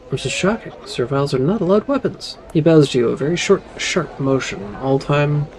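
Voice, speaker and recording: A man's voice: a little high, a little mellow, low-quality recording. A man narrating a game playthrough, reading descriptions aloud with casual asides. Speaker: gamer reading dialogue aloud. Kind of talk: let's play narration.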